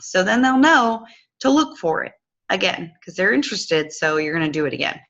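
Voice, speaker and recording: A woman's voice: medium pitch, sing-song, normal speed, fairly bright tone, lo-fi sound. A woman walking viewers through a casual screen-share tutorial, chatty and affectionate with loose fillers.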